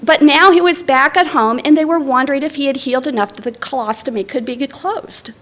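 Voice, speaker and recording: In a lecture hall, a middle-aged woman who directs a library delivers an academic lecture woven with personal stories. Her voice is high-pitched and fairly bright, moving a little fast, and she tells her anecdotes conversationally with fillers and restarts.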